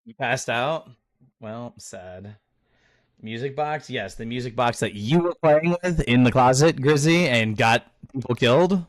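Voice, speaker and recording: A man's voice: medium pitch, a little slow. Guy streaming a game, chill chat, thanks viewers, jokes with his buddies. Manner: thanks viewers and teases friends in banter. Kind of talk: casual live-stream chat while gaming.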